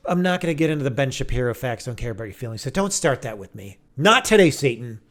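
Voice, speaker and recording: Animated sarcastic male commentator. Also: mid-range voice, very fast. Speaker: online commentator. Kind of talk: casual video commentary.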